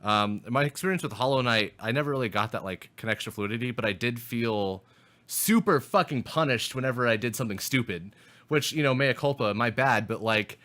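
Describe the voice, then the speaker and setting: A man's voice: medium pitch, a little fast, bright, forceful tone. A young man co-hosting a podcast, talking casually and animatedly about video games, swearing often and restarting his sentences. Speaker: podcast co-host. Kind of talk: casual gaming chat.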